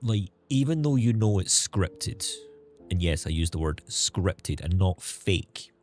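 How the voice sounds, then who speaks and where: A man's voice: deep voice, animated, slow, soft background music. A man streaming a game, chatting casually with viewers in a sarcastic tone and swearing freely.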